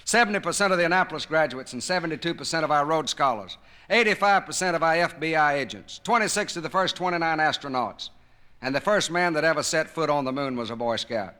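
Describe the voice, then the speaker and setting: On a 1970s vinyl record of a live speech, a public speaker delivers a patriotic address full of folksy stories and emphatic jokes. His voice is a little high, pushed and bright, and he talks fast.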